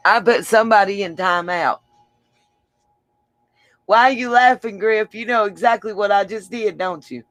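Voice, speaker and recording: A woman livestream host with a medium-pitched voice chats affectionately with viewers at a normal speed, laughing often and leaving long pauses. Tired after a long stream, she's signing off casually, and the recording is dry.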